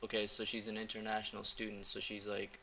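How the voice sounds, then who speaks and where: A man's voice: fairly low pitch, completely flat delivery, fast talker, sharp tone, slight background noise. A young man in a loose, filler-heavy casual walkthrough, coaching viewers on dating messages. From United States. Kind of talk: casual screen-recording walkthrough.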